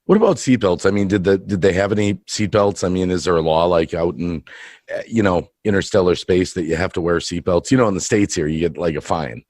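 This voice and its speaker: A man hosting an improvised comedy interview, rambling and halting as he asks absurd questions in earnest. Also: low voice, a little mellow, no room sound, studio quality. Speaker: streamer and mock interviewer.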